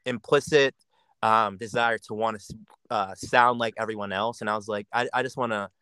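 A man's voice: on the low side, fairly even intonation, moderate pace, sharp tone, smooth, dry recording. A young man from Jamaica with an American accent, a podcast guest talking casually and reflectively, often restarting and repeating words. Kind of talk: casual chat.

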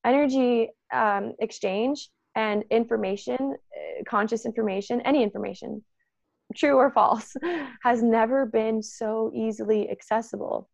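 A woman talking about energy and consent in a casual spiritual chat. She is animated and acts out the voices of the people she quotes, with a lot of "like" and "um". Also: fairly high pitch, measured pace, vocal fry, no room sound, lo-fi sound.

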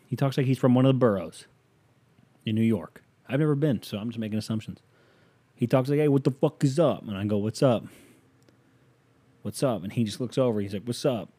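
A man's voice: medium pitch, warm tone. A man hosting a casual solo podcast, rambling and joking as he talks directly to the listener. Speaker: podcast host.

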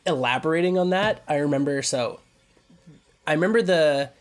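Guy in his 30s from canada telling a funny story on a podcast, laughs a lot, gets loud and high when quoting himself. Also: moderate pace. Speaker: podcast co-host. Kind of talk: casual storytelling chat.

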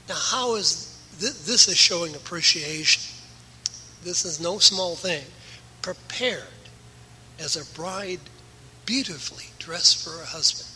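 A man's voice: on the high side, lively intonation, takes it slowly, pushed and bright, a little hiss or hum, rough recording. A male pastor delivering an earnest, emphatic sermon in a church, his volume rising and falling. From USA.

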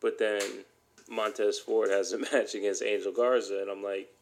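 Gravelly, heated man ranting. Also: lowish voice, little pitch movement, normal speed, a little hiss or hum. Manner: blunt, heated, swears often. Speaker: podcast host. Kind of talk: solo podcast rant.

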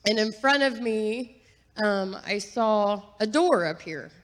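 A woman sharing a personal testimony in a church, talking earnestly and chattily with fillers and soft laughs. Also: mid-range voice, lively intonation, slow. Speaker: guest giving testimony. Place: church sanctuary. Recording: long reverb of a large hall.

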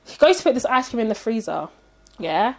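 A woman, animatedly telling a story in casual chat and acting out the people in it. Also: brisk. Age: 30s. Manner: animated, acts out quotes in high voices.

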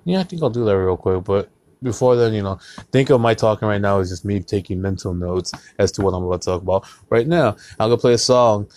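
A man's voice: fairly low pitch, quick pace, darkish tone. A man hosting his own podcast, rambling casually with lots of swearing and jokes. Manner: profane, rambling, joking, drinking beer on mic. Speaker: podcast host.

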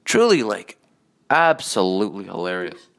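A man's voice: sits low, huge pitch swings, normal speed, creaky, fairly bright tone. A man hosting his own podcast, ranting alone in a profane, rambling, sarcastic way, full of restarts and asides. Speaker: podcast host. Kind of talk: solo ranting monologue.

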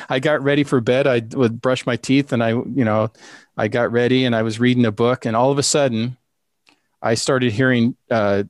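Guy telling a story, stops and starts a lot, lots of uhs, average pitch, dry close sound. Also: steady tone, no echo. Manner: rambling, halting, lots of fillers and restarts. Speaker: storyteller recounting a ghost experience. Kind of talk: casual spoken anecdote.

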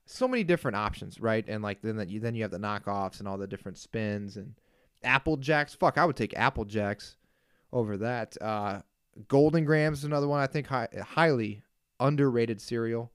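A young man from the Kansas area hosts his own podcast, a casual solo rant that swings into exasperated outbursts and mock disbelief. His voice sits at an ordinary middle pitch, and the close mic gives it a dry, deadened sound with no room around it. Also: normal speed, clear, resonant tone, no echo. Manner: animated, exasperated ranting with frequent asides. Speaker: podcast host.

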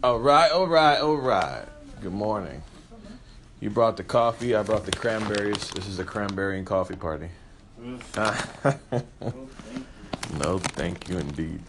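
A man's voice: low-pitched, measured pace, long pauses, noisy background. A man hosting his own podcast, with a froggy morning voice, giving a joking, profane morning pep talk. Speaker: podcast host.

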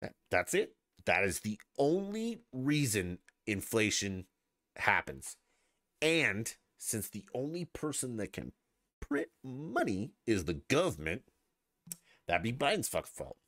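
A man's voice: medium pitch, wildly swooping pitch, measured pace, fairly bright tone, dry recording, clean studio sound. A man hosting a podcast in a casual, combative political rant, swearing a lot and sarcastically mocking his opponents. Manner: profane and combative, heavy swearing; sarcastic, mocks opponents with put-on voices. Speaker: podcast host.

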